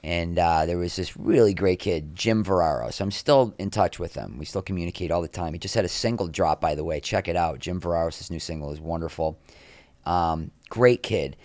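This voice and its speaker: Speaking at a normal speed in a low-sitting voice, a middle-aged actor tells candid behind-the-scenes tales as a podcast guest. He's animated and acts out other people's quotes, and the recording is dry.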